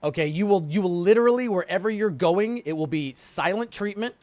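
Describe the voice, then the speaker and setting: A man's voice: high voice, a little fast, no room sound. A man hosting a stream, telling a story casually and animatedly, often restarting his sentences. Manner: animated, frequent restarts and repeated words. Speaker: stream host.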